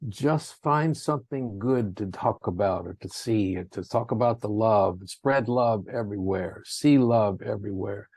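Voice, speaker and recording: A man's voice: fairly low pitch, unhurried, few pauses, a little mellow, no room sound. A man giving an earnest, rambling spiritual talk, who acts out quotes in raised voices. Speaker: speaker in a spiritual talk series.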